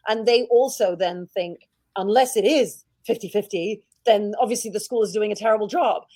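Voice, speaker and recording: A British head teacher, a woman, telling stories in a casual interview, outspoken and animated. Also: medium pitch, normal speed, no echo. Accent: British English. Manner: outspoken, animated storytelling with laughs.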